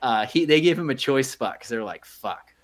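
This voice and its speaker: A man's voice: medium pitch, animated, normal speed, a crowd in the background. A middle-aged man co-hosting a podcast in casual chat, rambling with many fillers and restarts. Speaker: podcast co-host.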